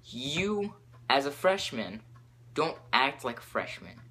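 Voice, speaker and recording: Teen male podcaster, excitable rambler, mid pitch. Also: takes it slowly. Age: teens. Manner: excitable, jumps topics, lots of fillers. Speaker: podcast host.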